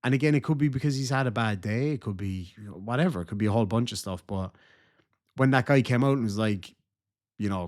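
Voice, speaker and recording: A man's voice: fairly low pitch, fast. An Irish man hosting a reaction video, commenting casually in a chatty, rambling way and often correcting himself.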